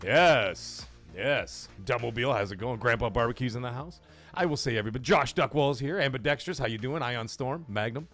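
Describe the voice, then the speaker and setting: A middle-aged man hosting a live gaming stream, shouting hype and joking shout-outs to his chat. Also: medium pitch, no room sound.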